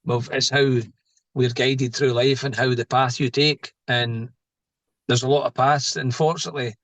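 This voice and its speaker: A man's voice: mid-range voice, fairly bright tone, dry recording. A middle-aged man, a podcast guest telling stories in a casual, joking way and laughing at his own tales. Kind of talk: casual storytelling interview.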